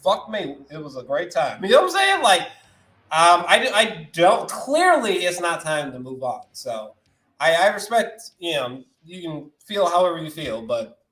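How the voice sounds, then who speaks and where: A young man with a bright, lively voice rants about films on a live stream, swearing freely and dropping slang. His pitch jumps way up whenever he gets fired up. The room is echoey, with faint music underneath. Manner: excitable, profane, slangy, voice jumping high when worked up. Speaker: movie news host. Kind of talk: animated live-stream rant.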